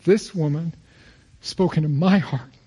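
A male pastor preaching a sermon, telling stories with emphasis and going quiet on key phrases. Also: a little high, measured pace, breathy edge. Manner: storytelling, quotes others in lively voices.

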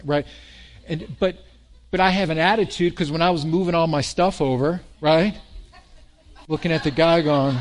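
A male pastor preaching a sermon in an animated way, often repeating words and laughing along with the congregation. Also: on the high side, brisk. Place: church sanctuary.

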